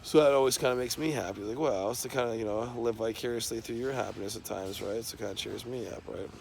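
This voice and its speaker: A man's voice: medium pitch, quick pace, gravelly, darkish tone, a little hiss or hum. A man talking off the cuff in a rambling, profanity-laced stream of talk. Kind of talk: unscripted monologue to camera.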